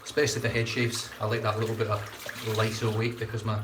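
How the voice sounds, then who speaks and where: A man's voice: on the low side, monotone, fairly quick, recorded from a distance, noisy background. Chatty man in an echoey room. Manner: chatty, rambling, repeats his words. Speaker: shaving channel host. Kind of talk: casual live-stream chat.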